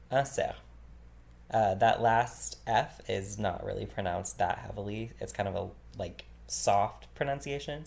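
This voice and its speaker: Gravelly-voiced man teaching casual vocabulary. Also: on the low side. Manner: relaxed, chatty, repeats each word slowly, laughs often. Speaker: language teacher.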